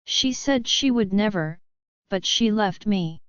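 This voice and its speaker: A woman's voice: medium pitch, expressive, slow, clear, resonant tone, dry recording. A woman voicing a heartbroken young man who weeps as he talks, with a broken, tearful delivery. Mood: grieving. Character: heartbroken young man, weeping over lost love. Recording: slightly dull, dry recording.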